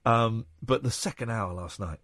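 Halting radio host, dry studio sound. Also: male voice, on the low side, fairly bright tone, no room sound. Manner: casual, halting, frequent restarts. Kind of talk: late-night phone-in chat. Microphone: studio mic.

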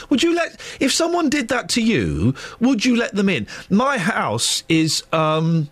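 A man's voice: sits high, huge pitch swings, normal speed, hardly any pauses, a bit bright, no echo. A man hosting a radio phone-in, chatting casually and teasing his caller with playful questions. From England.

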